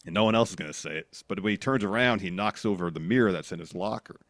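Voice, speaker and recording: A man's voice: low voice, fast talker, a bit bright, dry recording, studio quality. A man co-hosting a podcast, recapping wrestling episodes in a plain, matter-of-fact way. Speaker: podcast co-host.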